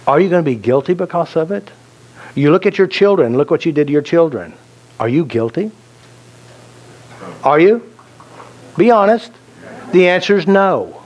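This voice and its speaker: A man's voice: a little high, animated, moderate pace, long pauses, a little mellow, highs cut off. A man teaching a self-help seminar, telling anecdotes and joking, asking the audience questions. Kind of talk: live seminar talk to an audience.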